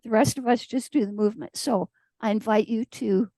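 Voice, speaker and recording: Lady preaching a chatty story sermon, kinda high mellow voice, acts out the quotes. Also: steady tone, fairly quick, dry recording. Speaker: guest speaker. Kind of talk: conversational sermon.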